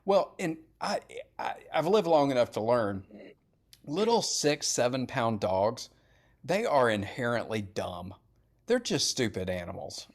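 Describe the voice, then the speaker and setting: A middle-aged man telling animated, blunt and profane stories in casual podcast chat. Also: mid-range voice, a little slow.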